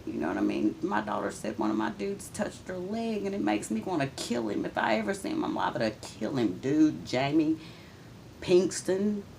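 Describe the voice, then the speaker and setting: Gravelly woman venting raw emotion. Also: rumbling low, slight background noise, poor audio. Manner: addresses absent people directly. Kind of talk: raw confessional monologue.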